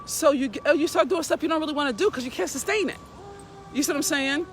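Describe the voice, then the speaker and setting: A woman's voice: high-pitched, fast, faint music behind. A woman hosting a casual live stream, talking bluntly and preachily with lots of swearing while walking her dog outdoors. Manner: blunt, profane, preachy and animated. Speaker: live video host.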